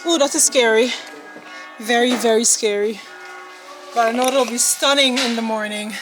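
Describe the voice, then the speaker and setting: Bubbly female vlogger, higher voice, casual to-camera chat in an echoey apartment. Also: normal speed, music in the background. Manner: bubbly, chatty, exclamatory, mixes in Dutch words. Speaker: travel vlogger. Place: apartment indoors, with companions.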